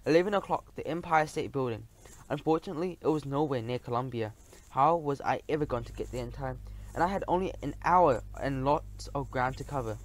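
A man narrating a children's storybook audiobook in a lively, expressive way. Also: medium pitch, a little fast.

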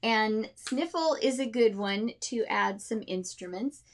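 A woman's voice: a little high, expressive, a little slow. A woman music teacher explaining how to teach music with storybooks, demonstrating sounds and voices for her students.

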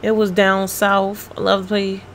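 A woman's voice: medium pitch, completely flat delivery, measured pace, slight background noise. A woman streaming a life-sim game, chatting casually with viewers, reading their messages aloud and cursing at the game. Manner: profane, blunt, reacts loudly to the game; reads chat messages aloud and answers them. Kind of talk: casual gaming livestream chat.

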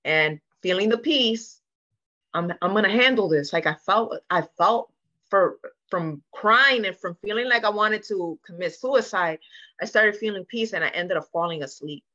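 A woman's voice: medium pitch, normal speed, sharp tone, dull audio. A woman, a guest on a sit-down podcast, telling her personal story in an earnest, emotional way and acting out what people said. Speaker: interview guest. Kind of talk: candid sit-down podcast conversation.

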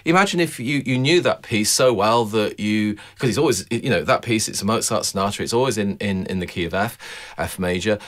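A man with a somewhat low voice talks through ideas about music like a teacher addressing a camera. His delivery is conversational and thoughtful, with frequent restarts and questions put to the listener. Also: fairly quick. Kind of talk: explanatory talk to camera.

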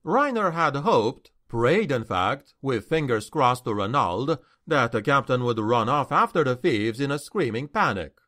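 Man, audiobook narrator, expressive, animated intonation, mid pitch. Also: a little slow, hardly any pauses.

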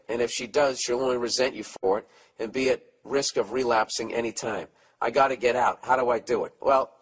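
A middle-aged man hosts a podcast, rambling through blunt, profane comedic advice as he reads listener letters aloud. His voice is mid-range, with slight background noise.

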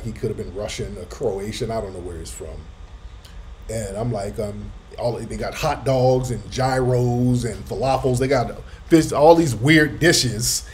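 A man hosting a casual live talk, telling a story with animated emphasis and street slang. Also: medium pitch, slight background noise. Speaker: host. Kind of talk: casual livestream chat.

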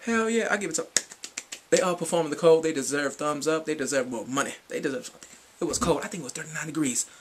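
A man giving a casual fan recap vlog, excitable and swinging between whispers and shrieks. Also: on the high side, fast, noisy background. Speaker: fan vlogger.

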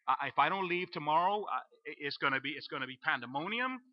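A man preaching a storytelling sermon in church, acting out his own panic and dropping to a low hush for the voice of God. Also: lively intonation, fast. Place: church sanctuary. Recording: dull lo-fi live stream.

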